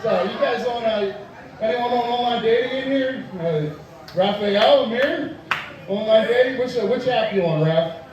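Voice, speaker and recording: A man's voice: very high-pitched, unhurried, a crowd in the background, background noise. A young man doing a crude, profane stand-up set in a tavern, laughing at his own jokes. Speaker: stand-up comedian. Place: tavern stage. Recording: echoey room, far from the mic.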